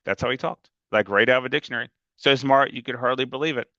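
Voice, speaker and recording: A man's voice: medium pitch, fast, sharp tone, no echo, lo-fi sound. A man reading a novel aloud in a casual, emphatic first-person storytelling manner. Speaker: reader.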